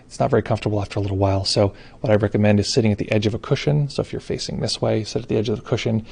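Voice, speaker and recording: A man guiding a meditation session, talking fast and loosely and restarting his sentences as he goes. His voice is gravelly with a husky edge and sits a little low. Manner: relaxed and informal, with frequent restarts. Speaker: meditation teacher. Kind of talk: explaining meditation in a live call.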